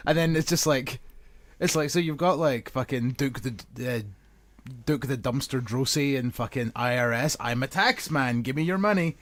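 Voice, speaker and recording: A man co-hosting a podcast in casual chat, sweary and jokey, often slipping into silly voices. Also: mid-range voice. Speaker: podcast co-host.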